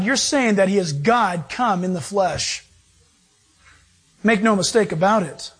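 A man preaching a sermon as pastor, animated and acting out quoted voices. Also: high voice, slightly rough.

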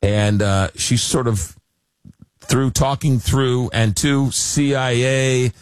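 A man's voice: medium pitch, fairly even intonation, slow pace, clean tone, no echo, studio quality. A man hosting a talk radio show, chatty and jokey, often repeating words as he goes.

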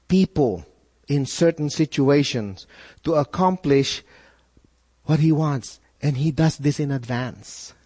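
A man's voice: fairly high pitch, dark tone. A man preaching a sermon as pastor, earnest and full of rhetorical questions, often repeating words as he builds a point. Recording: long reverb in a hall.

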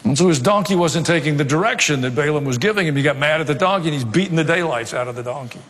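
A middle-aged man preaching a sermon in a conversational way, mixing scripture with light humor and personal asides. His voice sits a little on the high side. The church hall rings with a long reverb. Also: expressive, fast talker, fairly bright tone. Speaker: pastor. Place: church sanctuary.

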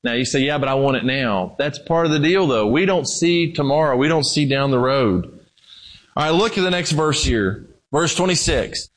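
A man's voice: on the high side, animated, normal speed. A man preaching a sermon, telling a story and then pressing his listeners with emphatic questions.

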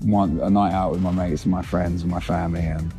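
Chill young guy, lowish mellow voice, kinda rambles and restarts a lot, faint music behind. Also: level tone, fairly quick. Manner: laid-back, rambling with restarts. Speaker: actor guest. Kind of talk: casual interview chat.

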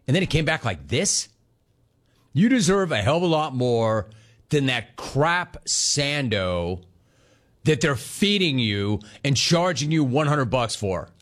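A man hosting sports talk, ranting sarcastically and mocking the people he talks about. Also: medium pitch. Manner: sarcastic, mocking, swings between shouting and mimicry. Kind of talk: sports talk radio rant.

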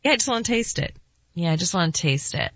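A woman producing a sports radio show, playful and giggly as she chats with the host. Her voice is bright and rises and falls a lot. The audio is dry and slightly dull, like broadcast sound. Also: lowish voice, expressive, fast, dry recording. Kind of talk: casual studio banter. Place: radio studio.

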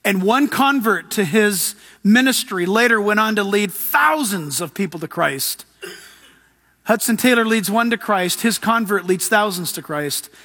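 High-voiced man preaching a sermon. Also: expressive, a little slow, long reverb tail. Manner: emphatic preaching, tells jokes and stories, rising to loud exhortation.

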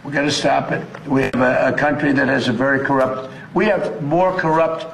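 A man's voice: mid-range voice, steady tone, normal speed, gravelly, fairly bright tone. A man making emphatic, repetitive political points. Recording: roomy clip with faint background noise.

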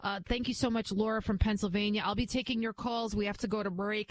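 A woman's voice: medium pitch, fast, few pauses, slight background noise, low-quality recording. A woman hosting a call-in radio show, speaking firmly and assuredly. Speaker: radio talk host.

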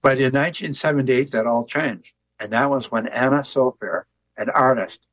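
An older man with a husky voice tells stories in an interview. His delivery is easygoing and anecdotal, and he chuckles at his own jokes. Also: medium pitch, moderate pace, a bit bright, poor audio. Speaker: author and artist, guest. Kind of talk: conversational interview storytelling.

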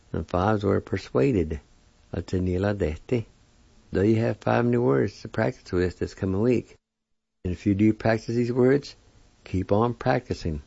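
A man's voice: fairly low pitch, gravelly, mellow, no echo. A man giving a recorded language lesson, spelling words out letter by letter and sounding them out one syllable at a time. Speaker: language teacher. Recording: dull lo-fi recording.

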